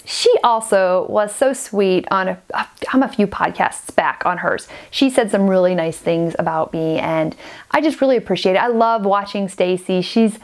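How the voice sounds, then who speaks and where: A woman in her forties, sniffly with a cold, chatting to camera as a knitting podcaster, gushing and rambling with many restarts. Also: mid-range voice. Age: 40s. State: stuffy and sniffly. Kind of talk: casual chat to camera.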